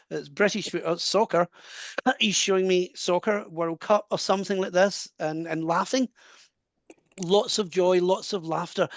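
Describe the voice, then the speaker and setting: A man's voice: high voice, no echo. Scottish man giving a reading. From Scotland. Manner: warm, earnest, relays messages with quick asides and laughs. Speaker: medium. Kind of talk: live mediumship reading.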